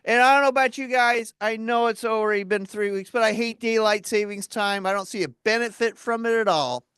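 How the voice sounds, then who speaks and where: A man's voice: sits high, brisk, fairly bright tone, clean tone, no echo. A man in his fifties performing a comedy ventriloquist act with dry, self-deprecating patter. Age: 50s.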